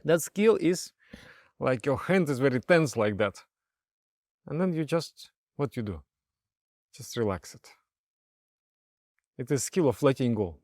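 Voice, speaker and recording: A male meditation teacher explains his lesson in a lively, storytelling manner. His voice is gravelly, it rises and falls a lot, and it sounds dry and close to the mic. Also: mid-range voice, measured pace, long pauses, no echo. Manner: animated, storytelling, with rhetorical questions.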